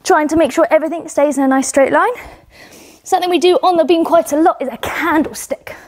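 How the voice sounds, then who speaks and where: A young woman with a British accent and a high voice talks fairly quickly while coaching kids through gymnastics exercises at home. She's encouraging and a little out of breath as she demonstrates indoors.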